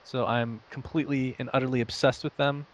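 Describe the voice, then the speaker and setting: A man's voice: mid-range voice, fairly even intonation, fairly quick, highs cut off. A young man who grew up in Saudi Arabia and the United States, talking casually as an interview guest. He rambles, pokes fun at himself and laughs often. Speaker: interview guest, esports caster.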